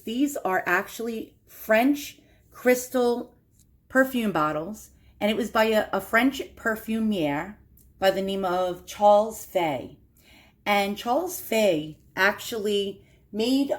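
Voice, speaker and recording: A woman's voice: medium pitch, darkish tone. Chatty New York woman. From Queens, New York. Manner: chatty, self-deprecating, laughs often. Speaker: antiques collector vlogger. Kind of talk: casual show-and-tell vlog.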